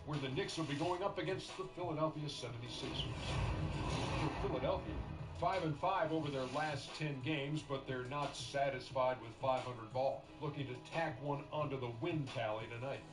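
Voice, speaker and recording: A man voicing a brisk sports studio host who leads the show and needles his co-hosts. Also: mid-range voice, natural voice. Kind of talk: scripted sports show hosting. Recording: roomy game audio with music.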